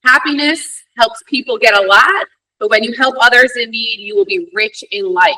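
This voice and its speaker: A woman's voice: fairly high pitch, normal speed, pushed and bright. A woman moderating a virtual Q&A for students, with an upbeat, encouraging manner. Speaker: event moderator. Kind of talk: hosting a virtual Q&A. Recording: distant mic on a virtual event.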